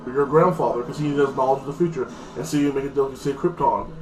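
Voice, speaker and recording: A man's voice: mid-range voice, quick pace, darkish tone. A man giving a casual, rambling spoken recap of a TV episode, full of fillers and restarts. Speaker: TV episode reviewer. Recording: echoey room, faint guitar music.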